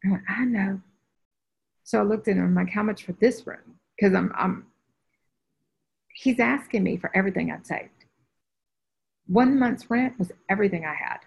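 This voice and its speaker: A woman's voice: mid-range voice, normal speed, gravelly, long pauses, slightly rough. A woman spiritual teacher telling a personal story on a group video call, acting out the voices she quotes. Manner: animated storyteller who acts out quoted voices. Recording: dull lo-fi video call audio.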